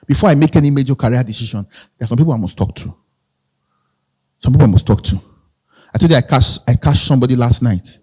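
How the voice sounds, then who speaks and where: A man's voice: medium pitch, warm tone, breathy edge. A man with a Nigerian accent giving a live motivational talk, conversational, repeating phrases and asking the audience questions. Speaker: motivational speaker.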